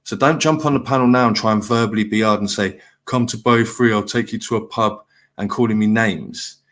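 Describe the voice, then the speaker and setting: A man's voice: fairly low pitch, fairly even intonation, a little fast, fairly bright tone. A middle-aged man hosting a live stream panel, talking bluntly and lecturing in a heated chat.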